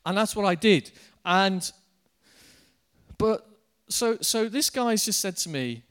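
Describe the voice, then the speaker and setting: A man with a high voice preaches a sermon at an unhurried pace. He tells a personal anecdote in a lively way, speaking directly to the congregation.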